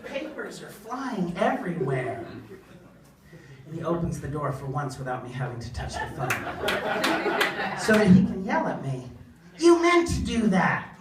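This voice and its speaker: A woman's voice: sits low, big pitch swings, moderate pace, pauses often. A woman doing a stand-up comedy routine in a small venue, rambling and self-deprecating as she tells stories. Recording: echoey club, distant mic, crowd.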